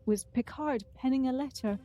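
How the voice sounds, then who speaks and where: A woman co-hosting a podcast, her voice sitting a little high. She chats casually and moves through news items with brisk amusement. Soft music plays faintly underneath. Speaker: podcast co-host.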